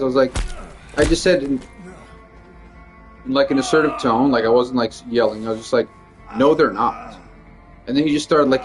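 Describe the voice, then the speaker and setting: A male stand-up comedian venting in a casual, rambling monologue, swearing freely and leaning heavily on "like". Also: medium pitch. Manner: rambling, profane, lots of "like".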